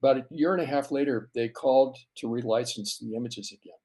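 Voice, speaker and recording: Middle-aged male guest, mid-pitched voice, chatty anecdotal delivery with stumbles and restarts. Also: brisk, darkish tone. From US West Coast. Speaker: photographer guest. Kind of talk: casual interview storytelling.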